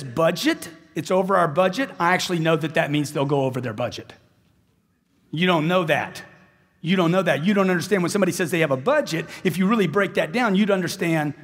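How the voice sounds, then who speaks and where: Intense guy preaching about sales, high raspy voice, big echoey hall. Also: fairly bright tone. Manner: intense, emphatic, repeats phrases for punch. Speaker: motivational sales speaker. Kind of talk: live seminar speech.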